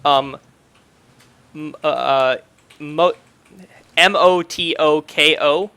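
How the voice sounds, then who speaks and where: Bright-voiced man running a tabletop game. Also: a little high, extremely slow, clear, resonant tone. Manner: loose, hesitant narration full of ums and restarts. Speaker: game master.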